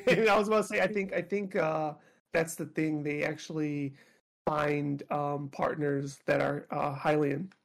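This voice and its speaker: A man's voice: on the high side, flat delivery, measured pace, creaky. A man co-hosting a podcast in casual chat, laughing often and restarting his sentences. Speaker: podcast co-host.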